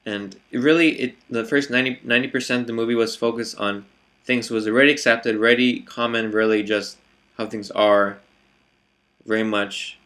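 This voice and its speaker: A man's voice: mid-range voice, steady tone, normal speed, a bit bright. A man vlogging his reflections in a hesitant, casual monologue, full of fillers and restarts.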